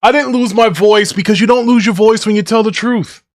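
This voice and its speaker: A man's voice: sits high, a little fast, no echo, studio quality. A man hosting a casual gaming podcast, ranting and trash-talking with a boastful edge. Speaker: podcast host.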